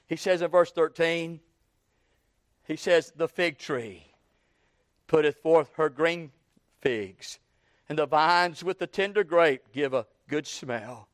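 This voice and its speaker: A man preaching a sermon, moving from hushed low phrases to loud ecstatic climaxes. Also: slow pace, long pauses, no room sound.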